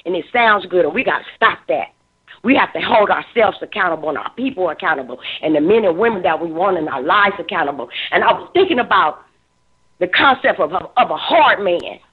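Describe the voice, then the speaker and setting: A husky, fairly low-pitched woman in her fifties talks a little fast with lively intonation, pushing emotional social commentary as a talk show commentator. She's emphatic and preachy, doubling up words when heated, over a thin phone-quality line.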